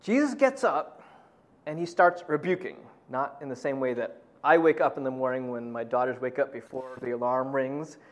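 A middle-aged man preaching a sermon in a conversational way, full of "you know", who acts out quotes in a loud, high voice. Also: moderate pace. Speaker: pastor.

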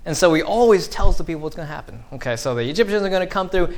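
A man in his thirties preaching a conversational sermon, acting out quotes with lively sarcasm. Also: high voice, rapid-fire, few pauses. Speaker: pastor.

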